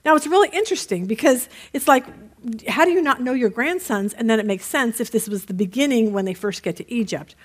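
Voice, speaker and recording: A woman's voice: a little high, animated, a little fast. A middle-aged woman leading a women's Bible study, explaining scripture in a chatty, conversational way and reading passages aloud. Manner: chatty, tells jokes, reads scripture aloud.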